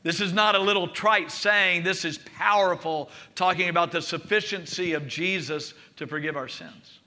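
A man's voice: fairly high pitch, sharp tone. A man preaching a sermon as pastor, leading the congregation in spoken declarations. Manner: leads congregation in call-and-response declarations.

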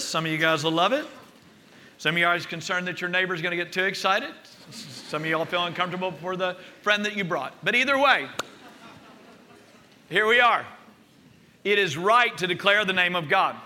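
A man's voice: high-pitched, sharp tone. A man preaching a sermon as pastor, leading the congregation in spoken declarations. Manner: leads congregation in call-and-response declarations.

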